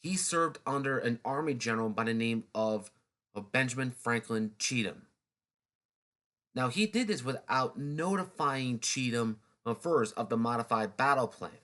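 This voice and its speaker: A man's voice: mid-range voice, animated, moderate pace, fairly bright tone. A man narrating a history video in a loose, chatty way, with restarts and snarky asides. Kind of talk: casual unscripted history talk.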